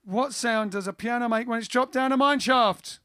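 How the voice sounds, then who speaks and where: A man's voice: very high-pitched, moderate pace, clear, resonant tone, no echo, clean studio sound. A man from England hosting a band's livestream, chatting, telling jokes and reading out viewer comments. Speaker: band singer and livestream host. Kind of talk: casual chat and jazz singing. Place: indoors, home livestream. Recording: music playing loud behind the voice. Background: band music.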